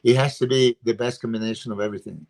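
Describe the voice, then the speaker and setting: A man's voice: mid-range voice, fairly even intonation, rapid-fire, a little mellow. Opinionated man on a video call. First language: Serbian. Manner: emphatic, filler-heavy, opinionated. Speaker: bodybuilding coach and guest analyst. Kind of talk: casual podcast chat.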